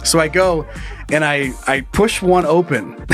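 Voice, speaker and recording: A man's voice: a little high, slow, soft background music. A man co-hosting a podcast, telling a story in casual chat with lots of swearing and laughter. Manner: animated, profane, laughs through his story. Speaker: podcast co-host.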